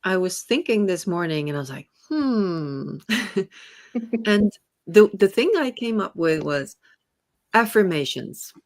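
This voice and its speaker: A middle-aged woman with a Swedish accent chatting casually on a group call, thoughtful and comforting, with soft laughs. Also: medium pitch, lively intonation, unhurried, long pauses, no echo, studio quality. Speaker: YouTuber. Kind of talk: casual group video chat.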